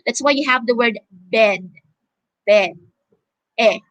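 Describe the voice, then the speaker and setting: A woman's voice: a little high, fairly bright tone, lo-fi sound. A woman with a Filipino accent teaching an online phonics lesson, stretching out each word for learners to repeat after her. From Philippines. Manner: drawn-out, repeating words for learners to echo.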